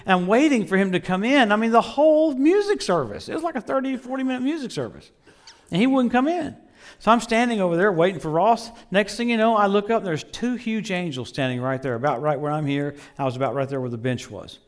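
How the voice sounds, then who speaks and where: A middle-aged male preacher delivering a story-filled sermon. His voice sits a little high for a man and swings from booming exclamations down to quiet murmured asides. He laughs between lines and keeps the energy animated. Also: fast talker.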